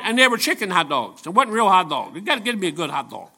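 An older man with a drawl preaches a rambling, storytelling sermon full of jokes. His voice is pitched somewhat high and bright. He climbs into loud, shouted peaks. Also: sing-song, quick pace, few pauses, slightly rough, faint music behind. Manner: folksy, jokey, shouts rising to preaching peaks. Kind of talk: folksy sermon with stories.

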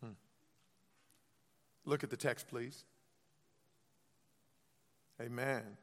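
A man's voice: medium pitch, fairly even intonation, extremely slow, a bit bright. A male pastor preaching a sermon, urging the congregation to repeat after him in emphatic, repetitive call-and-response phrases. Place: church sanctuary. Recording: long reverb of a church hall.

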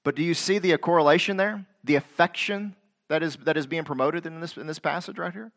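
Emphatic middle-aged male preacher, bright voice. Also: fairly high pitch, fairly quick. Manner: emphatic preaching, rises to loud King James quotations; repeats phrases, direct questions to the congregation. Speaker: pastor. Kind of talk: sermon.

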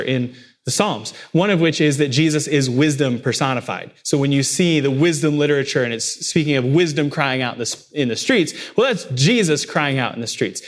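A man preaching a sermon as pastor, his delivery swinging between quiet, heavy low stretches and raised, emphatic lines.

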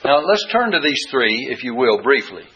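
A man's voice: medium pitch, big pitch swings, normal speed, a bit bright, breathy edge. A man teaching a Bible study lesson, reading verses aloud and repeating key words with rising emphasis. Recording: dull lo-fi recording.

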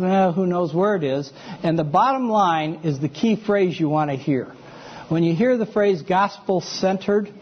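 A man's voice: sits high, husky, highs cut off. A man giving a sermon-style teaching lecture to a congregation, conversational, often checking in with his listeners. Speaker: preacher.

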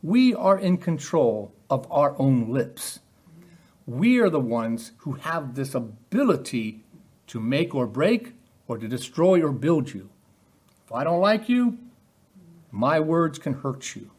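A man's voice: on the high side, very animated, slow, darkish tone, breathy edge. A man preaching a sermon in a conversational way, often putting rhetorical questions to his listeners.

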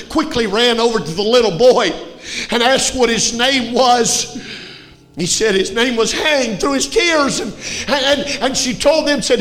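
A man preaching a fiery revival sermon in a church, telling a story that swells into impassioned shouting. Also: extremely high pitch, unhurried, faint music behind. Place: church sanctuary.

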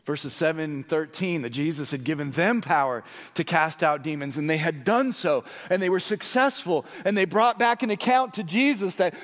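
A male pastor delivering a sermon with a fairly high voice that carries a long hall reverb. He drops to a hushed, low tone for storytelling, then rises to excited, emphatic preaching.

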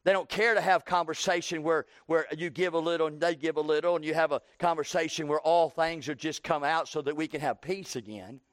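A man in his sixties preaching a sermon, slowing down for emphasis and breaking into loud acted quotes. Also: fairly high pitch, steady tone, no room sound, studio quality.

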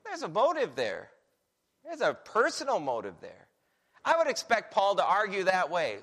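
A man preaching a sermon on a Bible passage, animated and full of rhetorical questions. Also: high-pitched, moderate pace.

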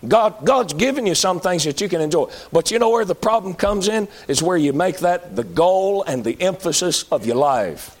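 A man preaching a sermon, moving between loud high-pitched calls and low pleading appeals. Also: lively intonation, moderate pace, hardly any pauses.

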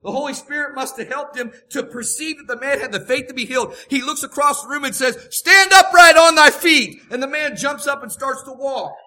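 A man's voice: very high voice, steady tone, brisk, hardly any pauses, pushed and bright. A man preaching a sermon, emphatic and repeating his key phrases for weight.

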